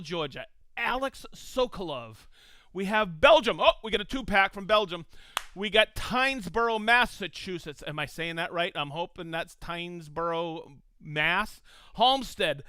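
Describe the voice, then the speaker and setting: A man hosts a live stream with a bright, clear voice that sits high and swings widely in pitch. He sounds enthusiastic as he greets viewers by name and hometown. The sound is close and dry. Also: no echo. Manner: enthusiastic, reads out viewer locations. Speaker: host of a live tool show. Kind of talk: casual live-stream chat.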